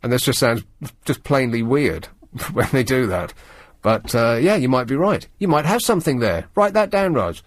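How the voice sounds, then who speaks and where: A male radio presenter in a studio, talking in a sardonic, rambling way with animated emphasis. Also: mid-range voice, moderate pace, no room sound. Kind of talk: late-night radio talk. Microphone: studio microphone.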